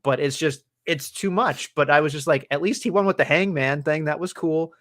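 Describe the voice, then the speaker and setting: A man's voice: on the high side, moderate pace, fairly bright tone. A man co-hosting a wrestling podcast, talking in a rambling, profane, casual way with frequent restarts. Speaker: podcast co-host.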